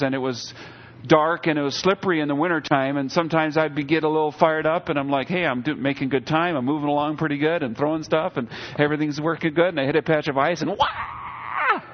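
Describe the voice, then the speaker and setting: Middle-aged male pastor, slightly high voice, chatty preaching with acted-out asides, dull lo-fi recording. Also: fairly even intonation, fast. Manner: conversational preaching with acted-out quotes. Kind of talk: sermon.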